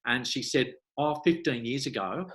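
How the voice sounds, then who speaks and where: Middle-aged male hypnotherapist guest, bright tone, animated anecdote teller. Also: moderate pace. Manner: animated storyteller, acts out voices with big pitch jumps. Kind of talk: conversational interview.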